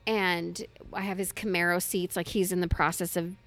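A bright, clear-toned woman in her thirties chats as a podcast co-host. She tells her stories in an animated, chatty way and often breaks into laughter. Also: on the low side, normal speed, soft background music. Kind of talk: casual podcast chat.

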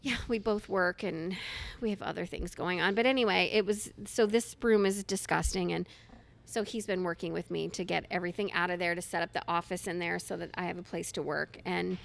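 A woman in her thirties co-hosting a casual podcast, telling stories in a chatty, animated way. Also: on the low side, fairly quick, vocal fry. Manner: chatty, animated storytelling with laughs. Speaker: podcast co-host.

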